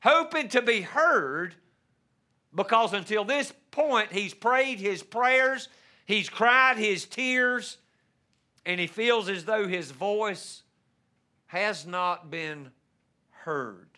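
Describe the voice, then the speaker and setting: A man preaching a sermon as pastor, with measured delivery that rises into impassioned pleading and a habit of repeating words as he starts a sentence. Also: sits high, animated, pushed and bright.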